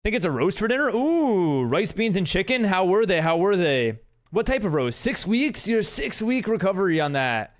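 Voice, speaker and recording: A very animated man with a high voice talks at normal speed as he streams a game live. He reads his viewers' messages aloud and answers them casually, rambling on and giggling frequently.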